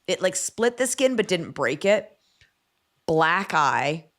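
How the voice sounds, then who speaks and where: Woman, low voice, podcast host, animated storytelling, swears freely. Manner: animated, profane, quick asides. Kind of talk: casual storytelling chat.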